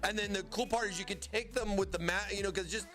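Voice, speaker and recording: A man's voice: sits high, fairly even intonation, quick pace, a bit bright. A man hosting a casual product livestream, rambling and often stammering and repeating words. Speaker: livestream host.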